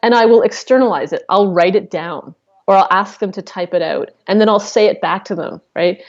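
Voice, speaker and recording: Candid woman guest coach, explains plainly, mid pitch, slightly muffled recording. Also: fairly quick. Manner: candid, explanatory, swears casually. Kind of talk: casual podcast interview.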